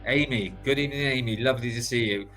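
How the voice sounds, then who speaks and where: A man's voice: mid-range voice, fast talker, fairly bright tone, faint music behind. An English man in a casual livestream chat, greeting viewers by name and laughing often. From England.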